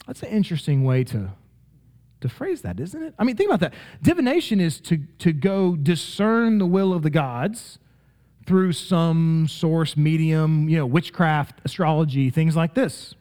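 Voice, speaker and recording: A man teaching a Bible study lesson, explaining verses in an emphatic, conversational way and checking in with his listeners through rhetorical questions. His voice sits a touch high for a man, with a mellow, unforced tone. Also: big pitch swings, moderate pace.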